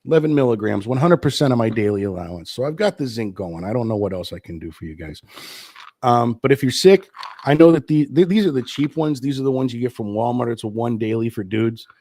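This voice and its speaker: A man hosting his own live stream show, sick with the flu and low on energy, chatting loosely and rambling. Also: expressive, quick pace, dark tone, no echo. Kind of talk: casual live stream chat. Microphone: streaming setup.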